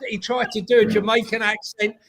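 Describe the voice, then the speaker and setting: A man on a fan podcast panel, joking and teasing with quick interjections in casual football banter. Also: high voice, flat delivery, fairly bright tone, breathy edge.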